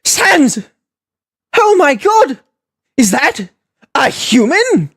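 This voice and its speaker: Cast: a woman voicing a grandiose skeleton who shouts with glee, flamboyant, high-pitched, delivery leaping all over. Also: very animated, very slow, heavily acted. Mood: excited. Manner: booming, theatrical, flamboyant. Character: loud pompous male skeleton, excitable and grandiose. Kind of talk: voice acting audition takes.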